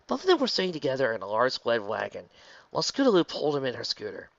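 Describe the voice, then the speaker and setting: A wry, animated reader narrating a fan story aloud, on a dull lo-fi recording. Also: mid-range voice, fast talker, gravelly, no echo.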